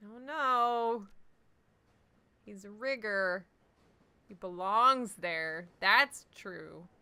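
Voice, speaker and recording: During a casual let's-play stream, a female host bantered playfully with her audience, responding to their chat votes. She sounds a little high, bright, and smooth, with a forceful tone.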